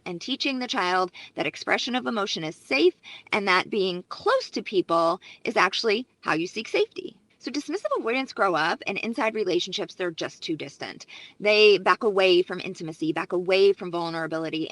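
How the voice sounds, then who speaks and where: A woman's voice: medium pitch, a bit bright, dry recording. A female psychologist who gives relationship advice in an emphatic, explanatory way.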